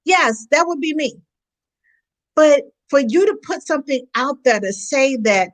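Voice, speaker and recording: A woman with a high voice talks in a lively, animated way during a casual conversation. She tells stories and slips into the voices of the people she quotes. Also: normal speed, rough recording. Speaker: co-host. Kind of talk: casual video chat.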